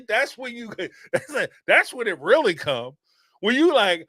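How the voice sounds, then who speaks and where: A man with a high voice hosts a reality-TV call-in show, talking in a casual, sarcastic and animated way. He laughs often, and the sound is close and dry. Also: slow, no echo. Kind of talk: casual commentary.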